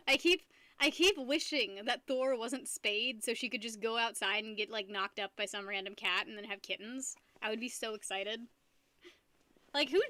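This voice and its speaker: Bright, giggly young woman streamer. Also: on the high side, no room sound. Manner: playful, giggly, self-mocking. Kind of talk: casual live-stream chat.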